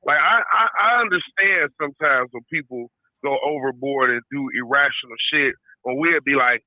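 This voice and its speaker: A man's voice: mid-range voice, normal speed, no room sound. A man calling in from a parked car, venting heatedly in casual chat and swearing, often saying "you know what I'm saying.". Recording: tinny phone-like line.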